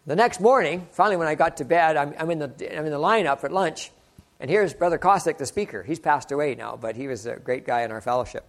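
A man's voice: on the high side, quick pace. An older man preaching a sermon, earnest and exclaiming, often asking the listeners rhetorical questions.

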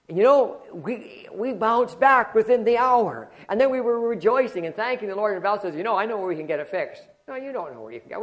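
Male pastor, lively sermon storyteller, voice a touch high. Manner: animated storytelling, shifting from loud exclamations to low murmurs.

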